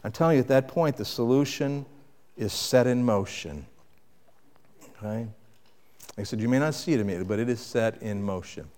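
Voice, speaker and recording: A man preaching a sermon with dynamic delivery, rising to loud emphasis and dropping to quiet reflection. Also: medium pitch, a little fast, long pauses, long reverb tail. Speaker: pastor.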